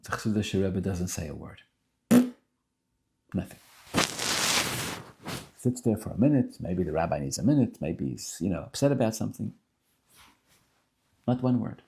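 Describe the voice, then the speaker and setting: A man telling a story in an animated, informal way, sprinkling in Yiddish and Hebrew terms. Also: low-pitched, measured pace, long pauses, noisy background.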